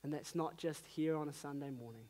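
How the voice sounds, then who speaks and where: A man's voice: a little high, a little fast, darkish tone. A man in his thirties with a New Zealand accent, preaching a sermon in an earnest, conversational way with emphatic rises on key phrases.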